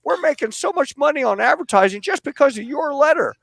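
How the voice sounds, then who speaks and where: A man impersonating a folksy, blustery older newspaper editor in a high, stammering drawl. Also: animated, fairly quick, vocal fry, fairly bright tone, no room sound, full character voice. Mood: jovial.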